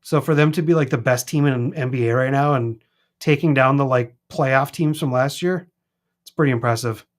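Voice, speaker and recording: A man with a Minnesota accent chatting casually as co-host of a live stream, rambling and animated. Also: medium pitch, moderate pace. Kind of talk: casual chat. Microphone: streaming mic.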